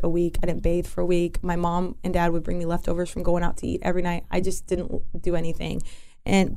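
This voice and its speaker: A woman's voice: lowish voice, gravelly, warm tone. A young woman, a podcast guest, telling a personal story in casual talk, rambling with many fillers and restarts.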